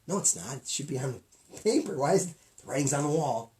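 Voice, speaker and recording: A middle-aged man co-hosting a loose comedy podcast, rambling from joke to joke. His pitch leaps and dips all over as he jumps between loud bits and quiet mutters. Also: expressive, a little fast. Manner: jokey, rambling, swings between loud bits and low mumbles. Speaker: podcast co-host. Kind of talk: casual comedic chat.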